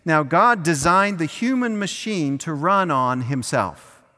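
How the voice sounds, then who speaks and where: A man's voice: on the high side, expressive, a little slow, bright, forceful tone. A man preaching a sermon in a conversational way, sometimes acting out little scenes, recorded in a church. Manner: conversational preaching with acted asides. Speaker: pastor. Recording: long hall reverb.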